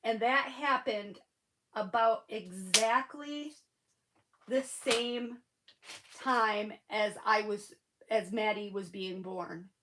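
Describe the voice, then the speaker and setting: A middle-aged woman, still sniffling after crying, chats casually with viewers on a craft livestream, gushing and answering their comments by name. Her mid-range voice is slow and a bit bright, and the poor audio carries a little hiss or hum.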